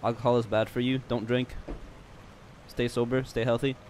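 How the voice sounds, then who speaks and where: A young male streamer's mid-range voice shows little pitch movement, is a little mellow, and moves at a normal speed, with a bit of hiss or hum. He chats casually over a game in a goofy, rambling, self-mocking way, with stammered restarts and faint jazz behind him.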